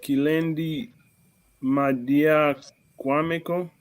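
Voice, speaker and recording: A man's voice: a little high, fairly even intonation, slow, slight background noise. A man studying a language in class, trying out phrases hesitantly and apologizing for slips. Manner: hesitant, apologetic when unsure. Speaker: language student.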